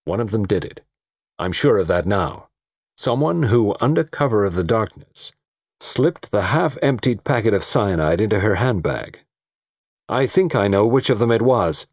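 A man's voice: lowish voice, animated, moderate pace, a little mellow, no room sound, studio quality. A man voicing a brooding, determined middle-aged host who speaks intensely and emphatically.

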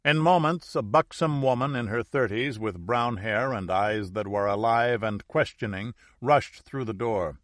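A man narrating an audiobook in a measured, deliberate storytelling manner. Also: medium pitch, a bit bright, no room sound, studio quality.

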